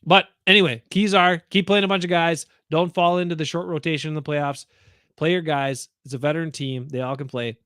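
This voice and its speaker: A man talks sports in a blunt, rambling, opinionated way. His voice sits a bit high for a man. The sound is dry and close, with no room around it. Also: fairly even intonation, a little fast, a bit bright, dry recording. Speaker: podcast co-host. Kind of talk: casual sports chat.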